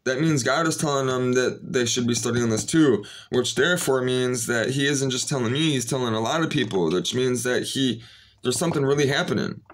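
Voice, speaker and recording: A man's voice: medium pitch, a little fast. Rambling man talking to his viewers. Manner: rambling, full of "you know" fillers and restarts. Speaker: vlogger. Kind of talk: casual spoken monologue to viewers.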